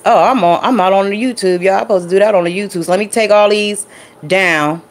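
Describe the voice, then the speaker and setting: A woman's voice: medium pitch, fast talker. Chatty woman vlogger talking to y'all. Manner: loose, chatty, talks to viewers as y'all. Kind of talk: casual impromptu vlog chat.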